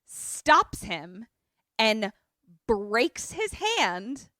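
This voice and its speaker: A woman's voice: fairly high pitch, extremely slow, no echo, clean studio sound. A woman podcast co-host recapping a movie in casual chat, swearing freely and acting out the characters' lines. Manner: animated storytelling, swears freely, acts out quotes.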